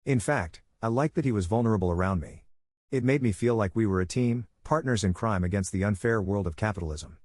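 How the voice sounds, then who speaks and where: Male narrator, husky and low, dry close sound, measured story reading. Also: darkish tone, no room sound. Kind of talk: scripted first-person story narration.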